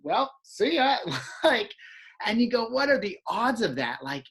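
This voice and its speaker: A man's voice: high-pitched, sing-song, unhurried, fairly bright tone, slightly rough. A man hosting a podcast, telling stories in a casual chat and laughing often. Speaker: podcast host.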